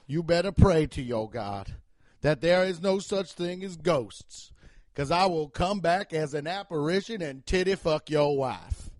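A man voicing a blustering Southern small-town sheriff with a drawling accent, giving a loud, preachy pep talk to his officers in an improvised game character monologue. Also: on the high side, no echo, close to an everyday voice. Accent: Southern US (put on).

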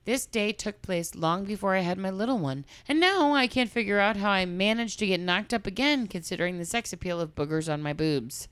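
A woman's voice: mid-range voice, expressive, fairly quick, a bit bright, smooth. A woman co-hosting a podcast, reading a listener's story aloud and chatting frankly with lots of swearing. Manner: frank, profane, laughing. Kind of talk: casual comedic chat and story reading.

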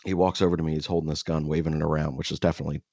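Low-voiced man telling a rambling story. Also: flat delivery, racing, a little mellow, no room sound. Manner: rambling with many fillers and swearing. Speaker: podcast co-host. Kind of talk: casual storytelling chat. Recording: dull lo-fi, dry.

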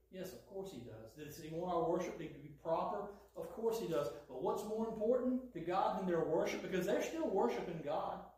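A man preaching a sermon in an animated way, taking on a sarcastic edge when he voices God's lines. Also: high-pitched. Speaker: pastor. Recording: echoey hall, voice from far off.

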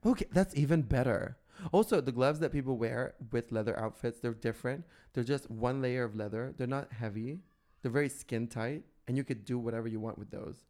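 An Irish podcast co-host with a mid-range voice speaks a little fast, telling gossipy stories in casual chat. He's animated and acts out the dialogue.

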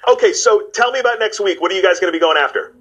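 A man's voice: high voice, rapid-fire, slightly rough, poor audio. A man in his forties hosting a show, chatting playfully with a guest and narrating segments. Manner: playful, joking, lively delivery. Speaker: host. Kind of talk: energetic TV host chat and narration. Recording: music bed under the voice.

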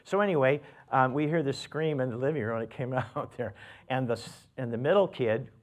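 A man's voice: medium pitch, fairly quick. An older man preaches, easing into a homey personal story. He rambles with plenty of restarts and fillers. He lifts his voice to act out what others said. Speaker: pastor.

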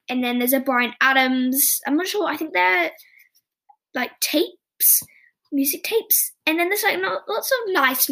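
A woman's voice: high voice, fairly bright tone. A woman hosting a podcast, recapping scenes in a chatty, rambling way with frequent self-corrections. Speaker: podcast host. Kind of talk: casual episode recap.

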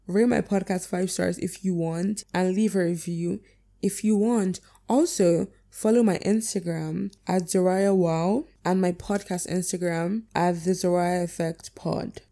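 A young woman hosting a podcast, rambling chattily through her outro, self-deprecating, swearing casually and slurring words as she rushes. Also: on the low side, creaky, warm tone. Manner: fast, slurred enunciation. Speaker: podcast host.

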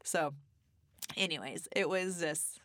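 A woman's voice: deep voice, takes it slowly, a bit bright, dry recording, studio quality. A woman co-hosting a podcast, telling a long story in a chatty, laughing way. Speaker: podcast co-host. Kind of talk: casual chat.

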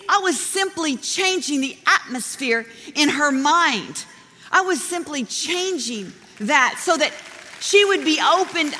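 High bright woman preaching in a hall. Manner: animated storytelling, laughs often. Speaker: pastor. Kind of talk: sermon with personal stories. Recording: long reverb of a large hall.

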